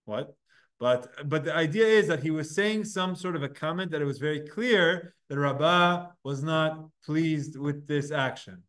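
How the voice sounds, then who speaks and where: Man, Talmud teacher, casual lecture, rather high voice, step-by-step explanations. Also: fairly bright tone. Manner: explains step by step, asks and answers rhetorical questions; casual, conversational with students.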